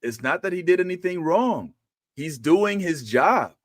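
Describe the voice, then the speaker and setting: A man argues his point earnestly in casual livestream talk. His voice is high for a man, and the sound is dry and close with no room in it. He slips into even higher voices to mimic people. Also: measured pace, dry recording. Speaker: podcast co-host. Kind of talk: casual livestream show discussion.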